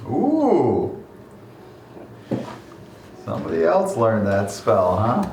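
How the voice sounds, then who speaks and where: A man's voice: lowish voice, normal speed, distant mic. A man acting as game master, calling turns and describing the action in a tabletop game. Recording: roomy and noisy home recording.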